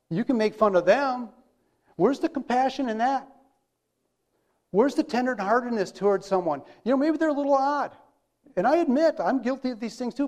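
Preaching a sermon in a high-pitched, slightly mellow voice, a man keeps things loose and conversational. He repeatedly asks his listeners rhetorical questions.

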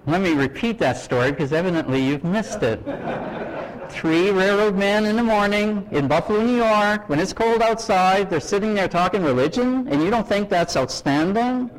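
A middle-aged man from Canada preaching with a lively, swooping voice. He tells his stories in an animated way, acts out the people in them and keeps turning to his listeners with questions. His voice sits a little higher than most men's. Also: normal speed, low-quality recording. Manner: animated, acts out dialogue, asks audience questions. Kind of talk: sermon storytelling.

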